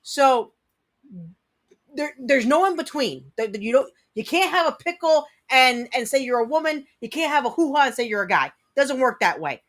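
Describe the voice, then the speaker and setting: A woman's voice: sits high, lively intonation, moderate pace. A woman co-hosting a casual livestream chat, ranting bluntly and swearing freely. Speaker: livestream co-host.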